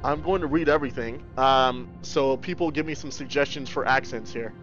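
An excitable, goofy man hosting a livestream and chatting casually as he plays a VR game. His voice sits at a middle pitch, and he thinks out loud as he goes. The stream audio is a little dull, with faint music underneath. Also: normal speed. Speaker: livestream host.

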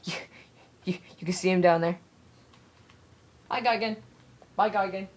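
A woman giving casual, excitable commentary over her own gameplay, yelping, shouting and swearing at the screen. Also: fairly low pitch, a little slow. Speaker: let's play gamer.

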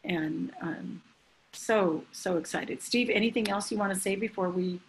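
A woman, a church leader hosting a preaching class over a call, gushing and excited as she speaks. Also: mid-range voice, unhurried, a little hiss or hum, poor audio. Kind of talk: enthusiastic informal hosting on a call.

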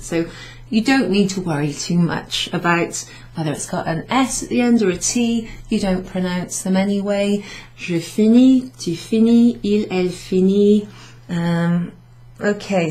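A woman from Wales teaching French runs a casual recorded summary lesson for beginners, fixing her own mistakes as she writes on a board, laughing lightly and switching languages. Her voice sits on the low side with a darkish tone, and there's a little hiss or hum.

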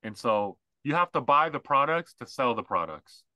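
Podcast dude going off on a rant, sharp bright voice, super dry mic. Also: male voice, medium pitch, very animated, normal speed, no room sound. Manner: ranting, mocking, mimics others. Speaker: podcast co-host. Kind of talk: casual opinionated chat.

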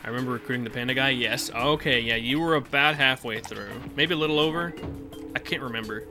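A man's voice: mid-range voice, fast talker, music in the background. A man casually commenting while he plays a video game, chatty and swearing now and then while answering chat. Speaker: let's play streamer.

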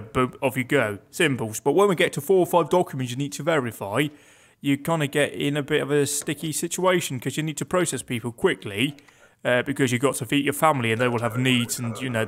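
A man giving casual, joking commentary as he plays a video game at his computer. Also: mid-range voice. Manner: chatty and joking, talking to himself while playing. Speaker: gaming video host. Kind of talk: casual let's-play commentary.

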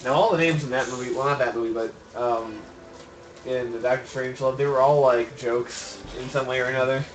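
A man's voice: medium pitch, fairly even intonation, brisk, rough recording. A man hosting a game stream, chatting casually in a joking, laid-back way and swearing freely. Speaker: streamer host playing a city-building game. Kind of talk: casual chat.

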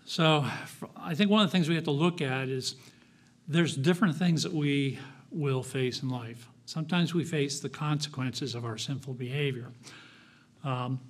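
A man speaking from the pulpit of a church, telling his own story. He talks in a plain, conversational way, pausing often with small fillers. His voice sits at an ordinary middle pitch. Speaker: guest speaker. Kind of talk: personal testimony sermon.

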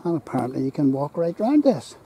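Gravelly Northern Irish man touring outdoors. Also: on the high side, very animated, a little fast, dark tone, slight background noise, low-quality recording. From Northern Ireland. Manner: chatty, enthusiastic, talks to passers-by. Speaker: vlogger and tour guide. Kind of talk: casual walking tour commentary. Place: outdoors by a lake.

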